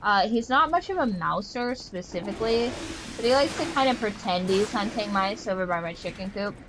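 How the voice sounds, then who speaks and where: A young woman chatting away while she streams a game, her mid-pitched voice full of filler words as she rambles through stories. She sounds playfully exasperated, and a faint hiss sits under her talk. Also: fairly quick. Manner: animated storyteller, playfully exasperated. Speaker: gaming streamer. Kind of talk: casual chat while playing a game.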